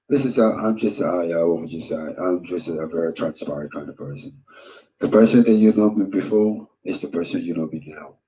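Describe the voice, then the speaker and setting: A man hosting a casual livestream, greeting viewers in loud, upbeat bursts and rambling hesitantly with lots of filler words. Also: sits low, a little hiss or hum, low-quality recording.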